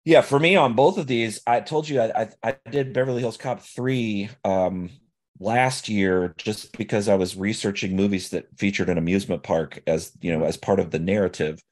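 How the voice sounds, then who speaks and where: A man's voice: fairly low pitch, normal speed. A man co-hosting a podcast, talking about movies in a loose, rambling way full of fillers and restarts. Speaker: podcast co-host. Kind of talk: casual film discussion.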